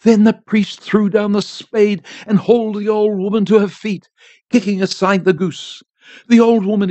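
A man narrates a short story in a measured, expressive reading voice that sits high for a man. He records in a home studio with a dry, close sound. The audio is slightly dull. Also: no echo. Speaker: volunteer reader.

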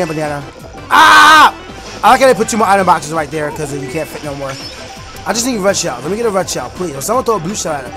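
A young man with a high, lively voice narrates his racing game in an excitable, chatty stream of commentary. He jumps between rambling asides, loud outbursts and improvised rap lines. Game music plays clearly in the background. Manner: animated, bursts into shouts and freestyle rapping, fast rambling asides. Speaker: gaming YouTuber.

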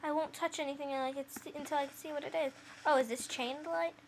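A woman's voice: high-pitched, steady tone, fast talker, noisy background. A woman chatting playfully through a let's play, with quirky asides while reading the game's lines. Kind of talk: casual gameplay commentary.

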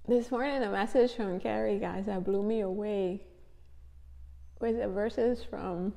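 A woman's voice: medium pitch, unhurried, gravelly, dark tone, in a large hall. A tired, tearful woman speaking to her viewers in a heartfelt testimony, repeating her phrases. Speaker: faith vlogger.

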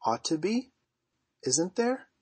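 A man putting on a wide-eyed high young girl. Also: sing-song, takes it slowly, slightly rough, no echo, exaggerated voice. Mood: wondering. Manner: breathless, wondering questions. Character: eager well-bred young girl.

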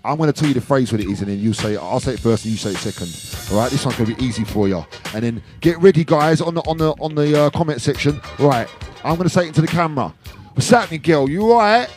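A man's voice: mid-range voice, fast talker, darkish tone, faint music behind. A man hosting a casual video with friends, playful and laughing often, repeating phrases as he talks. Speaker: DJ and video host.

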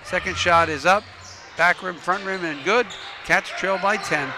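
Calling a high school basketball game from the gym, a man with a slightly higher-than-average voice rattles off passes and shots in rapid play calls, tossing in coaching tips along the way. Under his local play-by-play, the noisy gym carries crowd sounds and bouncing balls.

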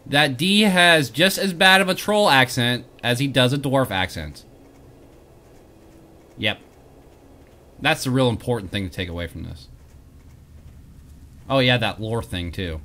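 A man's voice: mid-range voice, bright, forceful tone. A man hosting a game let's play, reading quest text aloud and joking about himself. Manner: playful, jokey, laughs at himself. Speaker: host.

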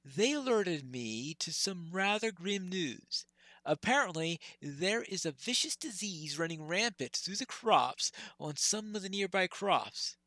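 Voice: medium pitch, animated, measured pace, bright, forceful tone, dry recording. Player reading a grave fantasy quest-giver. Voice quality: plain read-aloud delivery. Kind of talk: reading game quest text aloud.

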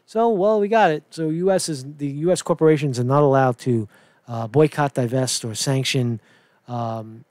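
A man's voice: a little high, darkish tone, no echo. A man giving solo political commentary, reading news aloud and reacting indignantly, rambling with frequent "right?" asides and swearing.

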